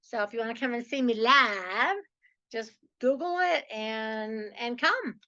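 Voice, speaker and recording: Upbeat woman host with a bright, slightly high voice, chatty and keen, recorded on muffled lo-fi audio. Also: measured pace. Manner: chatty, enthusiastic, says "like" and "so" often. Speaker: podcast host. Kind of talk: upbeat podcast monologue.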